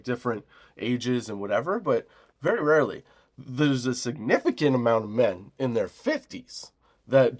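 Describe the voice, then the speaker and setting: A man in his forties hosting a comedy podcast, telling a rambling, profane story about a job, laughing often and mimicking the people in it. He says he is high while talking. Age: 40s. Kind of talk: casual storytelling rant.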